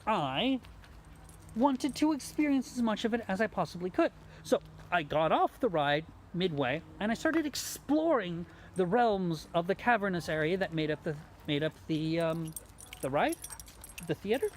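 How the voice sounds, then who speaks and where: A host recounting a mishap in a loose, casual way. He is animated and self-mocking, and he slips into the voices of the people in his story. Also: medium pitch, moderate pace, slight background noise. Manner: animated, self-mocking, acts out quoted lines. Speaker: podcast host telling a story.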